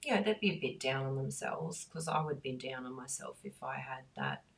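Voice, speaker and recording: Low-voiced woman chatting while crafting. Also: a little fast, creaky, recorded from a distance. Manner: warm, rambling, laughs often. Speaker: craft class host.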